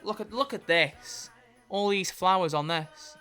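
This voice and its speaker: A man's voice: sits high, a little slow, sharp tone, soft background music. A young man streaming from home, chatting casually and joking sarcastically with his mother. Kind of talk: casual chat on a livestream.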